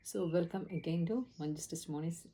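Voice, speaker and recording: An Indian woman teaches in a low, mellow voice, speaking earnestly and pausing on fillers as she explains. She records herself on a phone camera. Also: slightly rough. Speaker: English test trainer.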